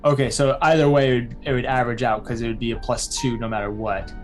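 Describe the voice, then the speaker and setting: A man's voice: medium pitch, fairly even intonation, quick pace, faint music behind. A man playing a tabletop game, playful and jokey. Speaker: player. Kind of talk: casual tabletop game chat.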